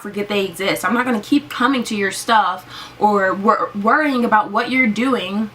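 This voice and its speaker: A woman's voice: medium pitch, bright, forceful tone, slight background noise. A young woman vlogger ranting casually to camera, filling her talk with "like". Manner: ranting, heavy use of "like". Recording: slightly distant mic.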